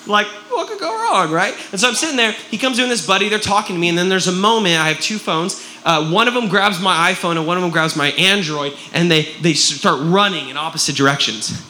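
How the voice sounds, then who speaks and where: A man preaching a sermon, telling a story in an animated way and often checking in with his listeners. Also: sits high, fast, hardly any pauses, a little hiss or hum. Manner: animated, keeps asking "right?".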